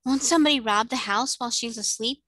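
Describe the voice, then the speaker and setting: A woman voicing a curious, eager young girl, lifting her voice higher for the part. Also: animated, normal speed, pushed and bright, dry recording, clean studio sound. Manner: eager and wondering, with raised pitch.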